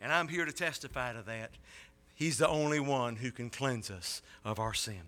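A man preaching a sermon, telling a story and building to loud, impassioned peaks before dropping low again. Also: normal speed.

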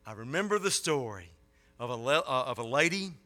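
A man preaching a sermon, telling a story and building to loud, impassioned peaks before dropping low again. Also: animated, a little fast.

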